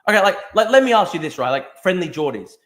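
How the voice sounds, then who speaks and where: A man's voice: high voice, big pitch swings, fast talker, a bit bright. A man in a heated casual debate, pushy, swearing casually and pressing with repeated questions. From Australia.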